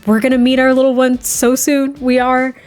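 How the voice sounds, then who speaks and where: A woman voicing a calm, relentlessly optimistic young husband who soothes and reassures in a gentle, upbeat way. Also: extremely high pitch, normal speed, soft background music. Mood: reassuring.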